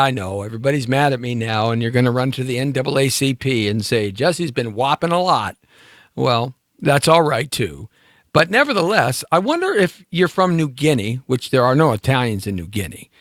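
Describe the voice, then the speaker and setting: Rambling male talk show host, lively pitch. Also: dry recording, clean studio sound. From United States. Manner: musing, meandering, jokey with many fillers. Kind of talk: rambling live-stream monologue.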